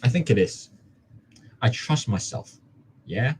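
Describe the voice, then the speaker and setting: A man's voice: medium pitch, expressive, slow, slight background noise. A young man from Hong Kong, a student vlogger, muttering and joking to himself as he studies. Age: young adult. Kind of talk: study-with-me self-talk.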